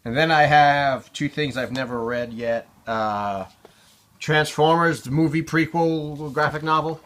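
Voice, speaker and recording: A man's voice: fairly high pitch, steady tone, measured pace, fairly bright tone. A man casually talking through his comic collection, offhand and irreverent, swearing freely. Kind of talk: casual commentary.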